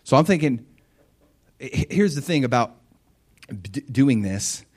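A man's voice: mid-range voice, expressive, a little slow. Guy preaching, super conversational, acts out little dialogues with people. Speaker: pastor. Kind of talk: sermon.

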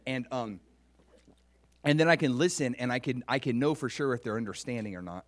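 A man's voice: medium pitch, a little fast, no echo. A man preaching a sermon, asking his listeners questions and acting out scripture with growing feeling. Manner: animated, acts out biblical speech with rising emotion; asks the audience questions and waits for answers. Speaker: pastor.

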